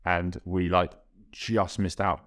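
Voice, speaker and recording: A young man, a guest rower, reflecting in a halting, self-correcting way in a casual podcast interview. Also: low-pitched, flat delivery, fairly bright tone.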